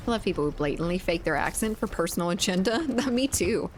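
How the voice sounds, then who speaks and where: Low-voiced Cajun woman streamer. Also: lively intonation, a little fast, slight background noise. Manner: rambling, laughing, swears casually. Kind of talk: casual chat while gaming.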